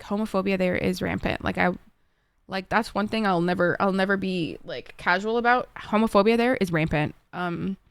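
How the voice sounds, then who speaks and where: A young woman from Egypt streaming from her home desk, chatting with viewers in a loose, profane way. Her voice carries a gravelly fry, sitting at a middle pitch for a woman, and the sound is close and dry. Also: no echo. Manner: chatty, lots of "like", frequent swearing. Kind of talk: casual chat answering viewers.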